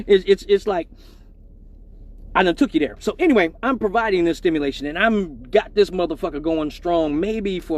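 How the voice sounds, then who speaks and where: Male live-stream host, high-pitched, profane and laughing, casual storytelling. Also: darkish tone.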